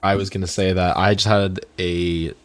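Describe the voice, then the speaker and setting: A man's voice: sits low, level tone, normal speed, no room sound, studio quality. A man co-hosting a podcast in casual chat, playful and swearing freely. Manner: playful, swears freely, acts out joke voices. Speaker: podcast co-host.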